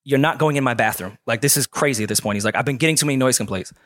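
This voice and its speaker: A man telling a story in casual chat, animated and profane, acting out the people in it. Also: medium pitch, rapid-fire, no room sound, clean studio sound.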